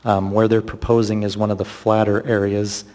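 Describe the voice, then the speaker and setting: A man's voice: fairly low pitch, flat delivery, moderate pace, darkish tone, big-room sound. A man on municipal staff explaining a site plan at a public meeting, hedging with fillers.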